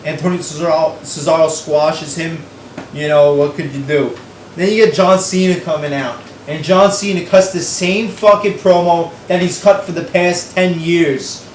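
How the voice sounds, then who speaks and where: A man's voice: a little high, fairly even intonation, moderate pace, echoey room, distant mic, slight background noise, rough recording. A young man giving a profane, exasperated, sarcastic recap of a wrestling show.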